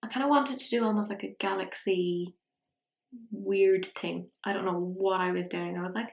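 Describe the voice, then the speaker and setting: A young woman talks through her makeup look in a chatty, self-mocking way, slipping into whispers as she blends. Her voice has a gravelly fry to it. The room rings with noticeable echo. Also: mid-range voice, steady tone, unhurried, lo-fi sound. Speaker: beauty vlogger. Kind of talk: casual makeup tutorial chat.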